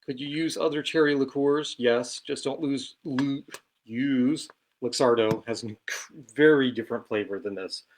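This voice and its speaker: Man, home bar host, casual, chatty, self-deprecating, mid pitch. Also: a little slow, slight background noise. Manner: chatty, self-deprecating, talks while working. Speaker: cocktail show host.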